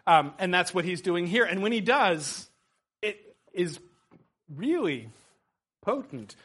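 Brief: middle-aged male instructor, high-pitched voice, animated and enthusiastic while leading class discussion. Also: slow pace, slightly rough. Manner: animated, quoting passages with excitement.

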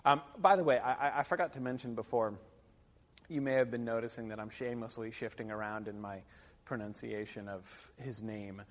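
A man's voice: medium pitch, a little fast. Wry lecturing man in a reverberant hall. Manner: rambling, filler-heavy, wry asides. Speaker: literature lecturer. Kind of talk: classroom lecture.

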